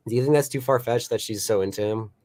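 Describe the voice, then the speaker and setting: A man co-hosting a podcast, talking excitably and with heavy swearing as he recounts his favorite scenes. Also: mid-range voice, fast, dry recording. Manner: excitable, profane, amused. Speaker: podcast co-host. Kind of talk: casual film discussion.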